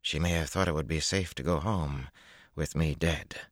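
A man's voice: low-pitched, takes it slowly, no room sound, clean studio sound. A man voicing a weak, drawling wounded woman. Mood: weak, halting. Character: weak wounded woman, sharp-tongued sailor.

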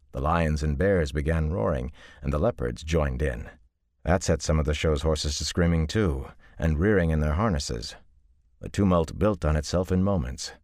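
A man narrates an audiobook in a calm, measured way. His voice sits extremely low, down in a rumbling bass. The recording is dry and close, with no room sound. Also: dry recording. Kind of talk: scripted narration.

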